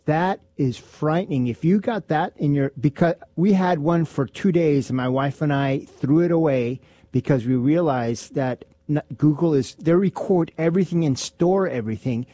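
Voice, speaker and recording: Male co-host with a mellow, dry-miked voice; hesitant, stop-start delivery, repeating words mid-thought. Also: fairly high pitch, dry recording. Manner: halting, searching for words, repeats himself. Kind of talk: casual radio talk.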